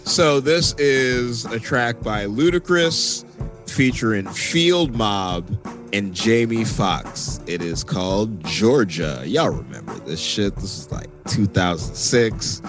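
Laid-back low-voiced man hosting. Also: animated, slow, over music. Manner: laid-back, playful, many fillers. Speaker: podcast host. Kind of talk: casual chat.

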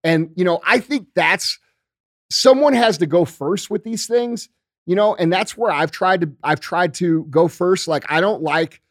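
Middle-aged guy on a podcast, kinda high voice, swears a lot, says bro and dude, super dry mic. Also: measured pace, no echo. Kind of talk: casual political chat.

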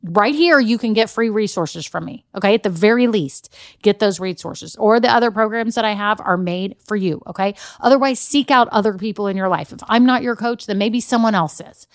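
A woman hosting a podcast as a business coach, giving an energetic, emphatic pep talk directly to her listeners. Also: mid-range voice, fairly quick, no room sound, clean studio sound. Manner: addresses listeners directly with "y'all" and "okay?". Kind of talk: motivational solo podcast talk.

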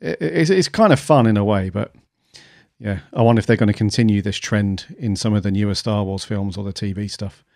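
A man's voice: fairly low pitch, fairly quick, creaky, a little mellow, no echo, clean studio sound. A man co-hosting a podcast in casual chat, musing aloud with many fillers. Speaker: podcast co-host.

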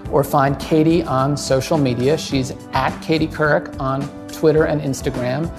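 A man's voice: on the high side, fairly even intonation, moderate pace, vocal fry, music in the background. A man co-hosting a podcast, reading the show's outro and plugs in a dry, wry way. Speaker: podcast co-host. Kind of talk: scripted show outro.

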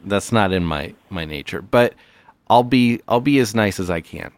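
A man's voice: lowish voice, animated, normal speed, dry recording. A man hosting a comedy podcast with call-ins, talking in a mock-earnest, playful way with stammered restarts. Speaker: podcast host.

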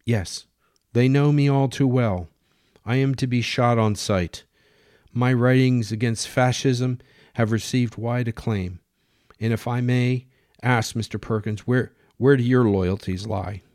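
A man's voice: unhurried, dry recording, studio quality, lightly acted. A man voicing Juan, a guilt-ridden man who blurts out a frantic confession. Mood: defiant. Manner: frantic, pleading, high and loud. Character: Juan, a panicked man who betrayed friends.

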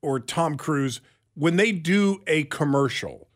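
A man's voice: a little high, lively intonation, takes it slowly. A male radio co-host telling stories and teasing his colleagues in casual studio chat. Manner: storytelling, teasing, chuckling.

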